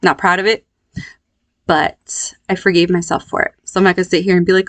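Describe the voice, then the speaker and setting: A woman in her thirties telling a personal story in a candid, reflective, unhurried way. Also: fairly low pitch, little pitch movement, dry recording. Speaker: vlogger.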